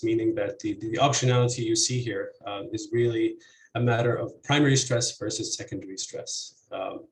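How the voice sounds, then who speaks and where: A man giving an academic conference presentation, halting and full of fillers and restarts. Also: mid-range voice, echoey room, slight background noise, poor audio. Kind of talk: academic presentation over video call.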